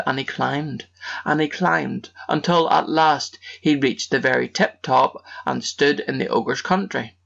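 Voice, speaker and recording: A man tells a fairy tale in scripted storybook narration with a gravelly texture and mid-range pitch. His delivery is measured and rhythmic. The recording sounds dull and lo-fi. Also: fairly bright tone.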